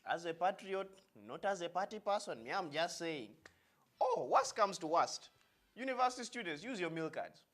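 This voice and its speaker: A man's voice: high voice, big pitch swings, normal speed, a bit bright. A man with a Ugandan accent, hosting a satirical news segment with sarcastic, mock-serious delivery. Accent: Ugandan English.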